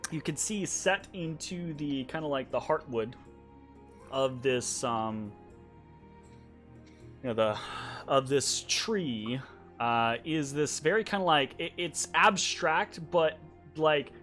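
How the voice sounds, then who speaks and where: A man narrating a tabletop game as game master, halting and full of ums and fillers. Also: fairly high pitch, a bit bright, faint music behind. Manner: halting, lots of ums and kinda-likes.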